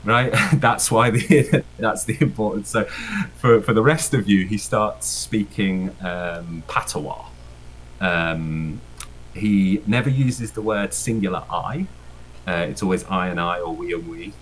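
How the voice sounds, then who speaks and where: A man's voice: low-pitched, a little slow, fairly bright tone, slight background noise, poor audio. A man narrating as game master in a tabletop game, rambling with many fillers and frequent laughs.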